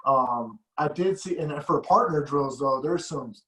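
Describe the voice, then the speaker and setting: A man's voice: a little high, measured pace, fairly bright tone. A man hosting a podcast, telling rambling stories in a casual chat and laughing often. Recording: echoey room.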